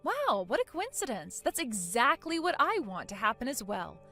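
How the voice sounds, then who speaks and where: A smug young wife answers in a soft, cool and sarcastic tone, voiced by a woman. Her slightly high voice still moves freely in pitch. Faint music runs underneath this animated story. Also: normal speed, exaggerated voice. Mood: cold.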